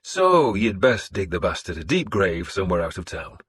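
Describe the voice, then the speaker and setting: A man voicing a hardened, blunt warlord who gives gruff commands. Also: deep voice, sing-song, normal speed, fairly bright tone, full character voice. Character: hardened middle-aged male warlord, blunt. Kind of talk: audiobook character voice.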